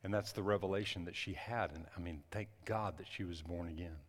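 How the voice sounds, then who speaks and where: Low-voiced guy preaching, chatty storytelling, lots of restarts, big echoey church hall. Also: fairly even intonation, fairly quick. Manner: conversational, many restarts and asides. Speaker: pastor. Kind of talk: sermon storytelling.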